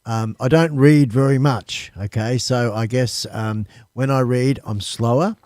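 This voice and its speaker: A man's voice: medium pitch, fairly even intonation, measured pace, a little mellow, no echo. An Australian man hosting a casual live stream from his temporary studio, chatting to viewers in a rambling, friendly way and calling them folks.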